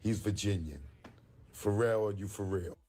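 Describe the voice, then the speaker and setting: A male comedian telling a story in an animated, exaggerated way, jumping into high-pitched outbursts. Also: normal speed. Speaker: comedian host.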